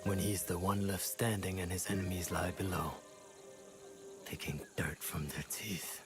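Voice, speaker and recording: An actor playing a proud, calculating male warlord in a video game, speaking in measured, lofty lines. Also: deep voice, little pitch movement, music in the background. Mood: cool.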